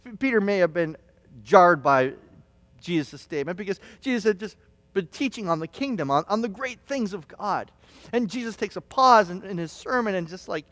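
A man preaching a sermon as pastor, telling stories with restarts and stammers, sometimes shouting quoted lines. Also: sits high, expressive, moderate pace, no echo, in a large hall. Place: church hall.

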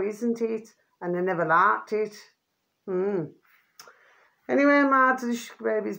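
A woman's voice: fairly low pitch, a bit bright. A middle-aged woman, talking to camera in a rambling, casual monologue. She keeps repeating a pet phrase and swears freely. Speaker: vlogger.

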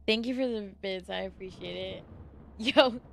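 This casual horror gameplay stream features a young adult woman whose medium-pitched voice carries vocal fry and moves at a moderate pace. She startles easily and curses, talking with her audience and thanking them in the lulls. Slight background noise is audible.

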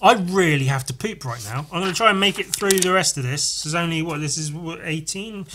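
A young man with a somewhat high, bright and forceful voice talks casually on his podcast. He rambles, swears freely and gushes over the artwork as he flips through the pages. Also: fairly quick, a little hiss or hum. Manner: profane, rambling, enthusiastic. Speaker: podcast host reviewing comics. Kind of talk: casual chat.

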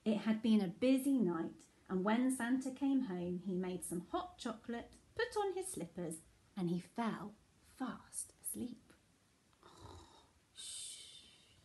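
A woman teacher reading a bedtime picture book to her class in a gentle, soothing way. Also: a little high, big pitch swings, moderate pace. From England.

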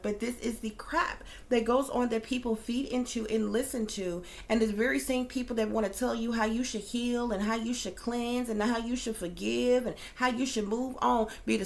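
Woman, middle-aged, heated profane rant, rhetorical questions, fairly high voice. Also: creaky. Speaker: psychic reader. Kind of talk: ranting monologue.

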